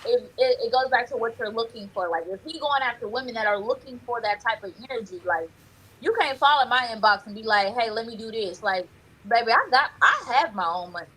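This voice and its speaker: A woman's voice: on the high side, lively intonation, a little fast, sharp tone, husky, poor audio. A middle-aged woman, a podcast co-host talking bluntly and with animation in casual chat.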